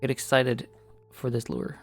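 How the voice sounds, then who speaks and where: A man's voice: mid-range voice, sing-song, a little slow, creaky, soft background music. An American man streaming a fishing game, chatting casually and rambling through opinionated tangents. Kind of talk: casual gameplay chat.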